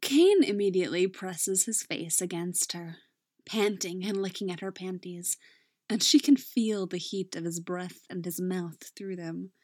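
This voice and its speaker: Woman reading a romance story real slow, soft and whispery, dry close sound. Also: fairly low pitch, no room sound. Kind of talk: romance audiobook narration.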